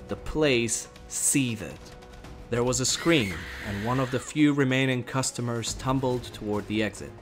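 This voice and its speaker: A man reading a fantasy story aloud in a measured, steady storytelling voice. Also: medium pitch. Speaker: narrator. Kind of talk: dramatic audiobook narration.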